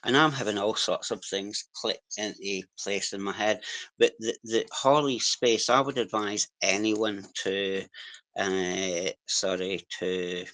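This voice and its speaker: A man with a strong regional accent speaking on a live audio chat, halting and apologetic, restarting his sentences often. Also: fairly low pitch, fairly even intonation, a bit bright, no room sound, low-quality recording. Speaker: caller sharing experiences. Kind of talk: casual hesitant sharing on a live audio chat.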